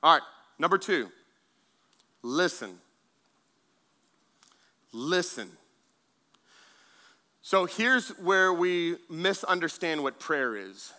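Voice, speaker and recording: A man preaches to his congregation in a loose, conversational way, circling back on his words and tossing questions to the room. His voice is strikingly bright and sits a little high for a man. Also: lively intonation, measured pace. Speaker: pastor. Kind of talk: sermon.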